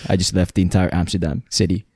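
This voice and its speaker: A man's voice: deep voice, steady tone, fast, darkish tone, breathy edge, no echo, clean studio sound. A young Italian man, a native Italian speaker, co-hosting a podcast in easygoing, joking chat. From Italy. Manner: easygoing, joking, repeats himself. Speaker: podcast co-host. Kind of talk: casual chat.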